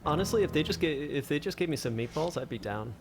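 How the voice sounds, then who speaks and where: A man playing guitar on a livestream, cracking goofy, quick quips. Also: a little high, expressive, noisy background. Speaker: musician. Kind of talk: casual livestream banter.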